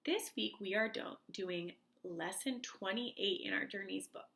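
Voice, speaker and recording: A woman teacher speaking slowly and clearly to young children in a reading lesson, leading the class through words to repeat. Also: medium pitch, fairly bright tone. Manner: slow, clear and encouraging, like a teacher to small kids.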